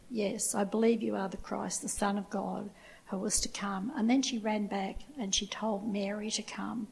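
Husky, gravelly Bible-teaching woman. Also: a little high, mellow, poor audio. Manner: retells scripture with personal asides.

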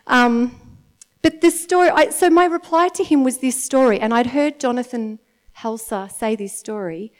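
Woman, mother, church speaker; slightly high voice, conversational storytelling sermon with frequent check-ins. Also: moderate pace. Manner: chatty, storytelling, keeps checking in with the audience by asking "okay?".

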